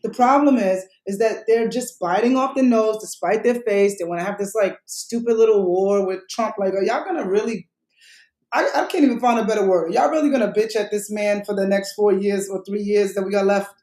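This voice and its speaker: A woman running for mayor, talking passionately in a fast, rhythmic way on a podcast interview. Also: medium pitch, warm tone, reverberant, rough recording. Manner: passionate, rapid, rhythmic talk. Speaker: mayoral candidate.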